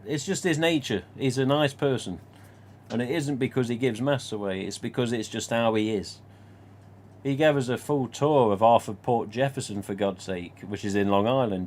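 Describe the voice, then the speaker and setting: A man hosting a casual live stream, telling rambling stories and swearing mildly as he answers comments. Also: medium pitch. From England. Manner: rambling and anecdotal, with mild swearing.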